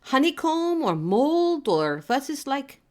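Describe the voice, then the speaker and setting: A woman playing a tabletop game, talking in an animated way. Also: high-pitched, slow pace. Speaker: player. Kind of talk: casual tabletop play.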